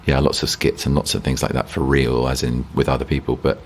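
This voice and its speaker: A man's voice: rumbling low, little pitch movement, a little fast. A man, an actor as a guest, talking reflectively and self-deprecatingly in a rambling interview, often restarting sentences.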